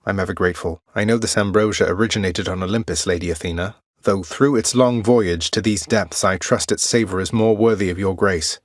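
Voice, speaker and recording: A man's voice: deep voice, brisk, few pauses, no echo. A man voicing a wry, polite young prince of the underworld, in video game voice lines. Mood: earnest. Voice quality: dry, wry and teasing. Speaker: game character.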